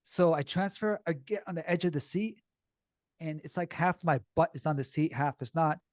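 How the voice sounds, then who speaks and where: Man, podcast host, casual storytelling, blunt and animated, shaky and upset, slightly high voice, dry close sound. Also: normal speed, no echo. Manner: animated, blunt, swears freely. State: shaky and upset while recalling.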